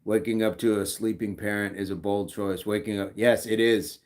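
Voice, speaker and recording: A man's voice: fairly low pitch, steady tone, moderate pace, a little mellow. A middle-aged man hosting a livestream, reading chat messages aloud in a casual, joking way and laughing often.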